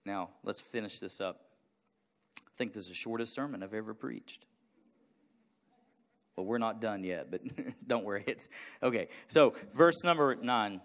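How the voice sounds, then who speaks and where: A male pastor preaching a sermon, moving from a quiet personal story into loud, fervent exhortation to the congregation. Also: fairly low pitch, a little slow, long pauses. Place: church sanctuary.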